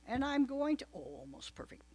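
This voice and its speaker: Chatty woman speaker with a higher voice. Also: sing-song, fairly quick, a little mellow. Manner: chatty, wry asides, frequent digressions. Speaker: guest speaker at a political club. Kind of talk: informal political talk to a live audience.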